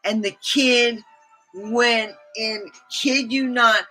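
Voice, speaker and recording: A woman's voice: on the high side, fairly even intonation, drawn-out words, sharp tone, soft background music, low-quality recording. A middle-aged woman hosting a livestream, telling stories casually, chatty and laughing often as she acts out quotes. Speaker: livestream host. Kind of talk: casual storytelling.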